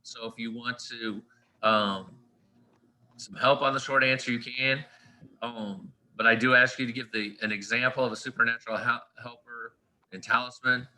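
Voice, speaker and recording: A man's voice: mid-range voice, fairly even intonation, moderate pace, sharp tone, rough recording. A man teaching a class in a casual, conversational lecture, often checking in with "all right" and "right?".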